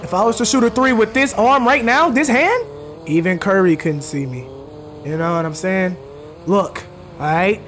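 A man with a high voice talks casually over a game he is streaming, bragging in a playful, trash-talking way and sometimes breaking into shouts at the characters. Loud game sound runs behind him the whole time. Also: slight background noise. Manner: boastful, playful trash talk. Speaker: gaming streamer. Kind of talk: casual gameplay commentary.

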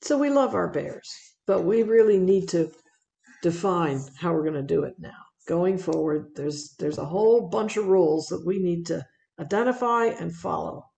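A woman giving a public wildlife talk, narrating her photos in a conversational, animated way with fillers and repeated words. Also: on the low side, normal speed, creaky, echoey room. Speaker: wildlife speaker presenting slides.

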